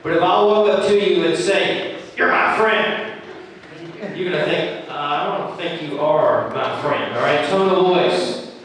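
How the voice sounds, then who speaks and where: Recorded from far away in an echoey church room, a man gives a training talk to volunteers, chatting conversationally and acting out example lines. His voice is a little high at a moderate pace, with slight background noise.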